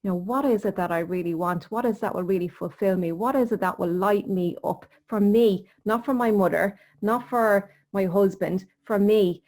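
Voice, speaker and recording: A woman's voice: mid-range voice, normal speed, few pauses, darkish tone. A woman hosting a podcast interview as a sleep coach, speaking in an earnest, encouraging, motivational way. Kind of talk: casual conversational interview.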